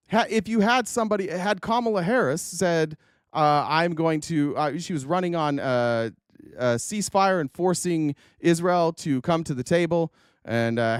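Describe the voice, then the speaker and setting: A man's voice: a little high, clean tone, no echo, studio quality. A man hosting a political commentary stream, talking casually with many fillers, restarts and swearing.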